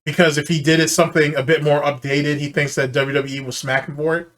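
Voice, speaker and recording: A man's voice: a little high, level tone, fast talker, fairly bright tone. A man hosting a reaction commentary, cutting in with mocking, profane, sarcastic remarks about the clip he is watching. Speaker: commentary channel host.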